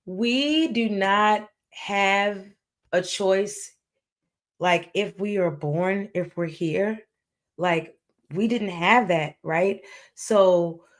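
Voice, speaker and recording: A woman's voice: mid-range voice, drawn-out words. A woman doing casual live-stream commentary, talking emphatically, repeating phrases and slipping into preachy asides. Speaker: livestream commentator. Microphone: streaming setup.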